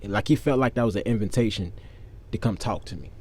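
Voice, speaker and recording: A man's voice: on the low side, quick pace, darkish tone, husky. A young man telling a personal story to his viewers in a candid, profane, conversational way. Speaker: vlogger. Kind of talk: casual storytelling.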